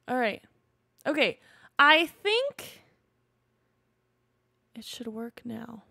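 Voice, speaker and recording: A young woman streamer chatting casually through a life-simulation game. Her voice sits high, with a gravelly fry at the ends of phrases. She talks to her viewers and coaxes her game characters along. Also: sing-song, drawn-out words, pauses often, bright, forceful tone. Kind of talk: casual gameplay commentary.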